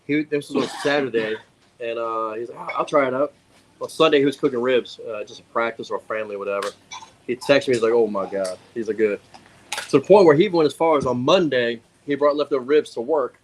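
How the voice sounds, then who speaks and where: A man's voice: medium pitch, fast talker, slight background noise. Laughing storyteller man. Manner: animated, laughing storyteller acting out quotes. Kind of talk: casual storytelling chat.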